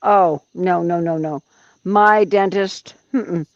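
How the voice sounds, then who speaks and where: A woman's voice: fairly low pitch, slow pace, no echo. A woman hosting a livestream, chatting casually and bluntly with exclamations. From United States. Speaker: livestream host. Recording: dull dry lo-fi stream audio.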